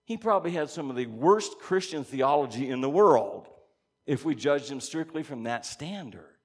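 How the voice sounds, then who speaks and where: A man teaching a congregation in a conversational sermon, reading scripture aloud and musing with animated asides. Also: on the high side, moderate pace, slightly rough. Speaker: pastor or Bible teacher.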